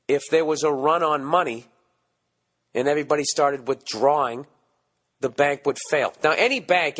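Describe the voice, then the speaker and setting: A hoarse man with a Boston accent delivers a loose, profane podcast rant, jabbing with mocking asides. He has a mid-range voice, and it sounds worn and scratchy from a night of yelling. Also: medium pitch. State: hoarse from screaming. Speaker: podcast host. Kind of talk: casual ranting monologue.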